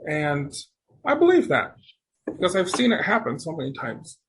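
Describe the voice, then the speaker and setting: A podcast guest, a man with a notably high voice, tells stories in a loose, animated way. He wanders through his sentences, restarts them and trails off. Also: moderate pace, noisy background. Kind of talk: casual storytelling conversation.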